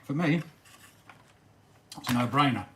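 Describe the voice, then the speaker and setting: A man's voice: mid-range voice, animated, a little slow. Chatty man in an echoey room. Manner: chatty, rambling, talks while eating. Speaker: RC hobby livestream host. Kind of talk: casual livestream chat reading comments. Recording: echoey room with faint noise.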